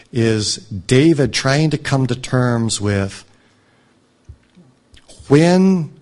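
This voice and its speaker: A man reading a scripture passage aloud and commenting on it as a teacher, in a measured, reflective way. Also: mid-range voice. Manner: measured, reflective, drops soft on moving lines. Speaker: Bible teacher.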